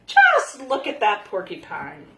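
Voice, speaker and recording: A wise but excitable female porcupine from a storybook who exclaims every line, as a woman puts her on. Her voice swoops through a wide range, and the recording is echoey. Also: mid-range voice, unhurried, exaggerated voice. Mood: exclaiming. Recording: echoey room.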